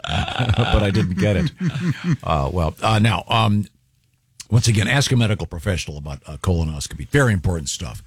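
A man's voice: fairly low pitch, slightly rough, dry recording. A man hosting a talk show, chatting casually with chuckles and rambling asides. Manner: rambling, chuckling, many fillers. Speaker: radio show host. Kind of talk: casual chat.

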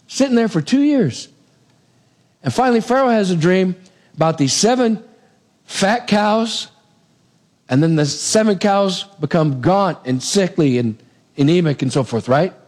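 A middle-aged man preaching a sermon, retelling a Bible story in a lively way and acting out the characters' voices. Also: high-pitched.

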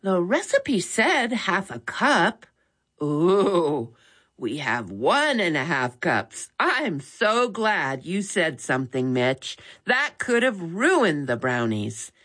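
A woman's voice: fairly low pitch, sing-song, slow pace, a bit bright, full character voice. A woman reading aloud, voicing a responsible boy who gives directions politely. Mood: bossy. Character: boy, responsible and a bit bossy.

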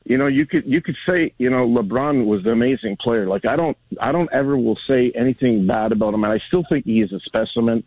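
A man's voice: mid-range voice, fast talker, few pauses, dry recording. A man in his sixties calling in to a sports radio show, friendly and rambling with many restarts. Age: 60s. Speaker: caller. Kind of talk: call-in radio chat. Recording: phone line, dry.

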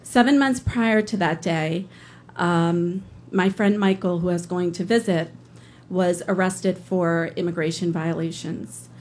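An earnest woman tells a personal story onstage, her voice on the low side, pausing now and then to find her words. Faint noise sits under the recording. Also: darkish tone. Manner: earnest, some hesitations. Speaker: storyteller, public defender. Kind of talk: live personal story on stage.

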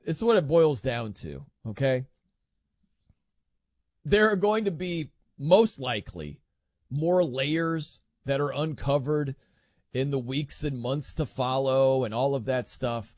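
A man's voice: mid-range voice, no room sound, studio quality. A man hosting a casual sports talk show, rambling and jokey.

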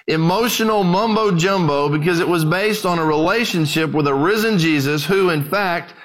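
A man's voice: sits high, fairly bright tone. A man preaching as pastor, telling stories in a conversational way and addressing listeners as "guys.". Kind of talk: sermon storytelling.

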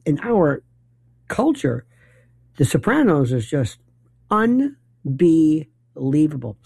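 A man's voice: fairly high pitch, gravelly, warm tone, slightly rough, no echo. A middle-aged man hosting a late-night talk radio show, delivering a rambling, opinionated and wry monologue.

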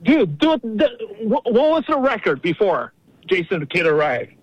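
A man's voice: sits high, very animated, measured pace, slightly rough, no room sound. A man calling in to a sports radio show, confident and trash-talking but stumbling over names with fillers. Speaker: caller. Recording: dry, muffled phone-in line.

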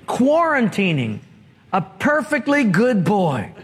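A man's voice: high voice, huge pitch swings, takes it slowly, background noise. A man preaching a sermon, telling humorous stories and prompting the congregation to answer. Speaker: pastor. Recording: long hall reverb.

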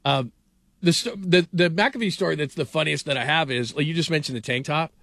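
A middle-aged male sports radio host rambling through anecdotes in a somewhat high voice. He talks loosely, full of fillers and restarts, with the sound close and dry. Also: a little fast, vocal fry, no room sound. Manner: rambling storyteller, animated, frequent fillers. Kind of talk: casual sports talk.

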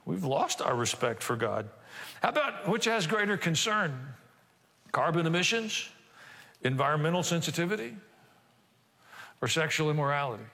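A man's voice: on the high side, big pitch swings, moderate pace, gravelly, long pauses, pushed and bright. An older man preaching a sermon, talking conversationally with asides and rhetorical questions. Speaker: pastor. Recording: reverberant church hall.

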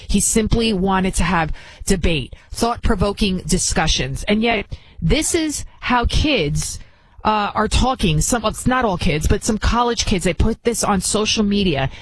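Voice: medium pitch, slightly rough, no echo, low-quality recording. A commentary show host talking in an indignant, rambling way with many restarts. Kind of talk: opinion commentary.

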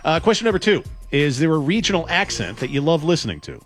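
A man hosting a radio talk show, putting questions to his co-hosts in a lively, casual way. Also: fairly high pitch, fast, soft background music. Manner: lively, quiz-style question asking.

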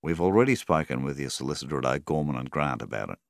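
A man's voice: very deep voice, animated, fast talker, creaky, no room sound, studio quality, heavily acted. A man voicing a polite, evasive male bank manager who talks apologetically and persuasively. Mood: soft.

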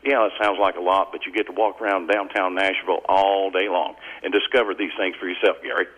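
Deep-voiced Southern older man calling in. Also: little pitch movement, fast, a bit bright, low-quality recording. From Tennessee. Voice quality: deep resonant radio voice. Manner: folksy, rambling, gives detailed directions. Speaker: caller. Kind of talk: casual radio call-in chat.

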